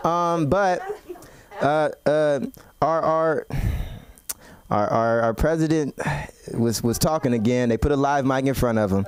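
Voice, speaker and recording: A man's voice: medium pitch, measured pace. A young man doing an open mic stand-up set, rambling and swearing a lot. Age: young adult. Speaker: stand-up comedian. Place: comedy club stage. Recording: noisy live club recording.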